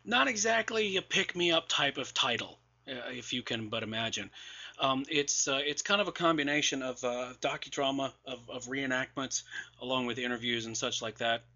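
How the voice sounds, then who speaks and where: A man's voice: mid-range voice, moderate pace, sharp tone, highs cut off. A man casually reviewing new releases with sarcastic asides and many fillers and restarts, his voice wearing out. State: losing his voice. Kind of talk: casual podcast commentary.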